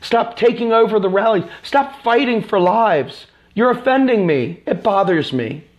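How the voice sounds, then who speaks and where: A man's voice: high voice, lively intonation, unhurried, highs cut off, voice pushed up. Man mocking a prissy scolding conservative. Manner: mocking, sing-song scolding.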